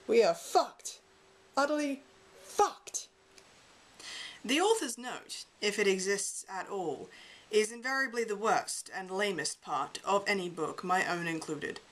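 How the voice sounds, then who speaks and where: Bright-voiced woman reading wryly aloud. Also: medium pitch, moderate pace, low-quality recording. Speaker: amateur reader.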